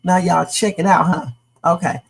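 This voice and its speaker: A woman hosts a casual reaction livestream in a lowish, gravelly voice. She gives blunt opinions on a sketch and talks straight to her viewers in the chat. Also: fairly even intonation, moderate pace, low-quality recording.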